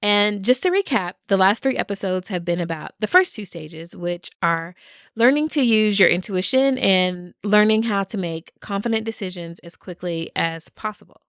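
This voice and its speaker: A woman's voice: medium pitch, lively intonation, normal speed, a bit bright, clean tone, no echo, clean studio sound. A woman hosting a solo podcast, talking in an upbeat way and laughing often. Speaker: podcast host.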